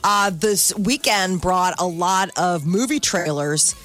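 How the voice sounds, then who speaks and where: A woman's voice: lowish voice, slow, fairly bright tone, faint music behind. A woman co-hosting a morning radio show, chatting and reading entertainment news. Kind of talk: casual radio banter.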